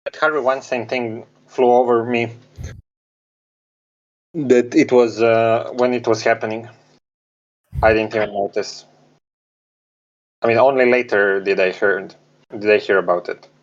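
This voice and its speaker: Halting man on a dull, lo-fi mic. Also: mid-range voice, fairly even intonation. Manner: halting, slightly non-native phrasing, dry irony. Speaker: podcast co-host. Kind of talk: casual chat.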